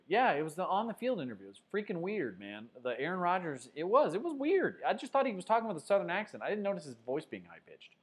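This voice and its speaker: Guy hosting a sports livestream, slightly high voice, reads chat, lots of ums. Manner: chatty, teasing viewers, many fillers. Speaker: sports show host. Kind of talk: casual livestream sports talk, reading chat. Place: Denver.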